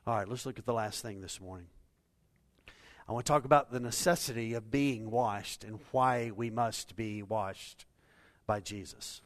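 A man's voice: fairly low pitch, normal speed. A man preaching a sermon to a congregation, speaking earnestly and asking his listeners rhetorical questions. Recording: long hall reverb.

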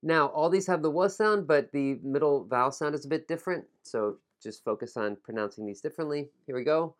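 A man teaching English pronunciation, modeling words slowly for listeners to repeat and adding casual explanations. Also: on the high side. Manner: slow, deliberate modeling of words, casual asides.

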